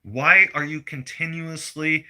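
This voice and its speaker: A man, ranting bluntly and heatedly, swearing freely. His voice is sharp and forceful, sitting a bit higher than most men's. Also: steady tone, a little slow. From Canada. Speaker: vlogger. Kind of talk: profane political rant.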